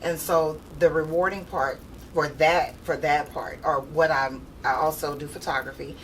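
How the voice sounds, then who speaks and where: Middle-aged woman, low-pitched, chatty panel guest; distant mic with faint noise. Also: steady tone, moderate pace. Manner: chatty, laughing. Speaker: teacher and model. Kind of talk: casual panel chat.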